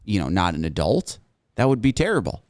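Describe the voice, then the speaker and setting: A man co-hosting a podcast in relaxed, chatty casual conversation. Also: on the low side, fairly quick, no room sound. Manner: relaxed, chatty, laughs easily. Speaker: podcast co-host. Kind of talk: casual chat.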